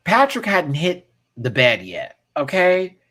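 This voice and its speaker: A man's voice: a little high, huge pitch swings, takes it slowly, pushed and bright, slightly rough. A man in his thirties hosting a casual pop-culture rant, sassy and campy with frequent laughs. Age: 30s. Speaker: host.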